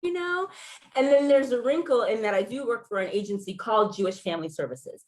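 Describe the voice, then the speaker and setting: A woman in her forties from Los Angeles, telling a personal story to a gathering in a conversational, animated way. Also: a little high, a little fast. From Los Angeles, California. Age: 40s. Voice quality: sounds like a Valley girl. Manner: conversational, animated storytelling with laughs and acted quotes. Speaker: featured speaker.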